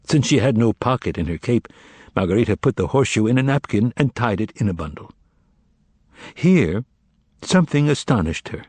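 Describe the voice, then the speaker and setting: A man reading an audiobook in steady scripted narration. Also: mid-range voice, normal speed, husky, dry recording.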